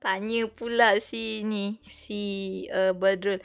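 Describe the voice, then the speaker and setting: A woman's voice: medium pitch, little pitch movement, slow, vocal fry, smooth. A young Malaysian woman with a Malaysian English accent, chatting casually on her livestream and switching between English and Malay. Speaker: VTuber streamer. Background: faint background music.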